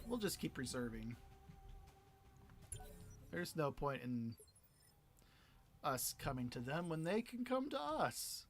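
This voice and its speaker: Brief: a joking male streamer with a slightly high voice, muttering to himself, then suddenly excited. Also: slow, long pauses, soft background music. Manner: playful and giggly, jumping between quiet mutters and excited outbursts. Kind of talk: casual gameplay commentary.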